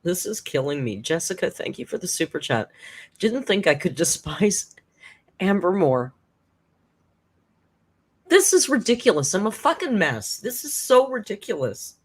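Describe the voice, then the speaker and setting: A woman's voice: fairly low pitch, very animated, normal speed, slightly rough. A woman hosting a live-stream reaction, chatting emotionally with frequent laughter and swearing. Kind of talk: casual live-stream commentary.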